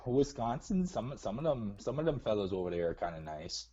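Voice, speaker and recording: A man's voice: lowish voice, big pitch swings, brisk, warm tone, breathy edge. A man hamming up a folksy Minnesota nice guy. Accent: Upper Midwest, Minnesota. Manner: drawling, calls everyone bud. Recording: dull phone-call audio.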